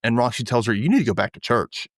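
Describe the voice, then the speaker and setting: A man's voice: medium pitch, lively intonation, fast, dry recording, clean studio sound. A man hosting a podcast, casually recapping a TV episode and acting out the characters' lines in little voices. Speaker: podcast host.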